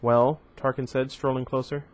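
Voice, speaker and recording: A man's voice: medium pitch, moderate pace. Man casually reading a novel aloud. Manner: casual, with chatty asides and self-corrections. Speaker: book reader.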